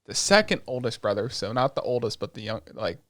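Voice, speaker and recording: A man with a mid-pitched voice recaps episodes on a podcast, sounding dry and close to the mic. He rambles in a profane, filler-heavy way and slips into the characters' quoted lines as he goes. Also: brisk, no room sound. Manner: loose, profane retelling with lots of fillers; animated storytelling that acts out quoted lines. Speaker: podcast co-host. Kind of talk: casual chat.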